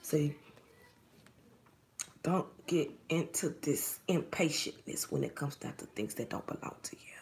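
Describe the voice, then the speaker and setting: A woman's voice: low voice, lively intonation, unhurried, pauses often. A woman giving a spiritual reading straight to the listener, preachy and often dropping into a whisper. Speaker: psychic reader.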